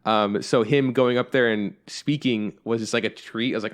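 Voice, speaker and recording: A young man co-hosts a podcast, chatting casually and rambling along with lots of fillers like "like" and "you know." His voice sits at a medium pitch, and he talks at a moderate pace with few pauses.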